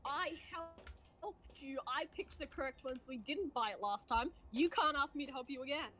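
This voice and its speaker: A woman's voice: high-pitched, moderate pace, fairly bright tone. A woman guest on a game stream, chatting casually in a teasing, sarcastic way.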